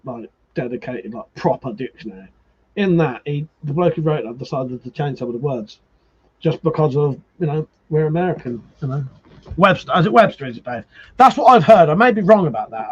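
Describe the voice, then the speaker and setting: A man hosts a casual live stream, swearing freely and laughing as he stirs up his viewers. His voice is a little husky and sits fairly high, and the audio sounds slightly muffled. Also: lively intonation, fairly quick. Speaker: livestream host.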